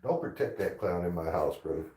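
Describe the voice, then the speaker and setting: A man's voice: low voice, animated, normal speed, dark tone, roomy sound, poor audio. A man ranting angrily at a commenter, insulting and aggressive, repeating himself. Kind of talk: angry profane rant.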